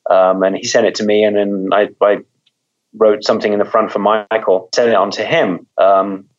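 Low-voiced author with a dull lo-fi sound. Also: male voice, little pitch movement, normal speed. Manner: thoughtful, repeats words while thinking. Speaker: mystery author, guest. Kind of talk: conversational interview.

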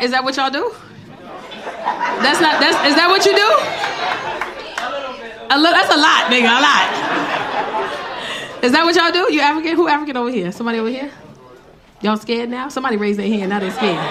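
A woman doing stand-up, telling an animated story and teasing the audience. Her voice sits a bit high and swings widely, with a loud crowd and noise all around. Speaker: stand-up comedian. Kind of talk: stand-up comedy. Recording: live club set with loud crowd.

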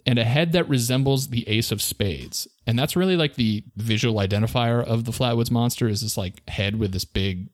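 A man's voice: medium pitch, moderate pace, hardly any pauses, no room sound, studio quality. A man co-hosting a podcast, telling a story in a playful, joking way and laughing often. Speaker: podcast co-host. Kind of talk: casual storytelling chat.

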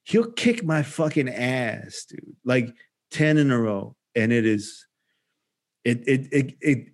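A man in his forties casually chatting as a podcast co-host, telling an animated story with swearing and acted-out quotes. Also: medium pitch, takes it slowly. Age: 40s. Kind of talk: casual chat.

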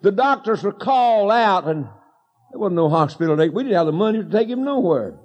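A man preaching a fervent, folksy sermon and telling a story that builds to shouted emphasis. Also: sits high, animated, moderate pace. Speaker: evangelist preacher.

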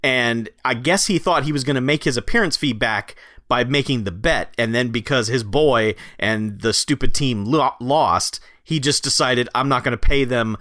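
A man's voice: medium pitch, moderate pace, a bit bright, no echo, clean studio sound. Wry man picking apart a movie. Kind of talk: casual film review chat.

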